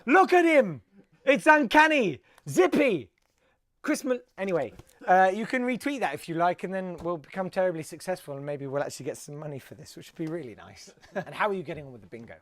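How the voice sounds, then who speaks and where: A man's voice: on the high side, expressive, quick pace. A man hosting a live comedy web show, rambling and self-mocking with mock-grand outbursts.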